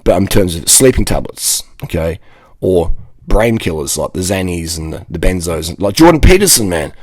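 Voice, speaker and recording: A man's voice: sits low, expressive, moderate pace, no echo. A man, ranting casually to camera in a blunt, rambling, profane way. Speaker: vlogger.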